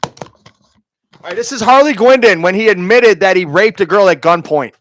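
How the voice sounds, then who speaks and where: A man's voice: high voice, moderate pace, a bit bright, a little hiss or hum. A man from Minnesota hosting a stream, ranting in a heated, profane and taunting way. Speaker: streamer host. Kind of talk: ranting commentary.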